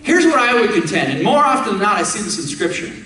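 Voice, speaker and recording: Male preacher, higher register, emphatic and questioning, recorded from a distance in a reverberant church. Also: sing-song, fast talker, pushed and bright. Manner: emphatic, asks the congregation direct questions. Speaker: pastor. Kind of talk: sermon. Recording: echoey room, speaker away from the mic.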